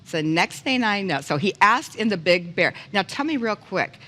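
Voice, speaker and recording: A woman hosting a talk show, telling a personal story in an animated, laughing way. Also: mid-range voice, moderate pace, in a large hall.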